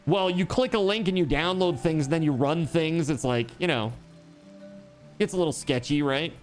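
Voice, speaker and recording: A man's voice: on the high side, moderate pace, faint music behind. A man streaming a game, chatting casually and joking, swearing freely. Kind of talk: casual chat while gaming.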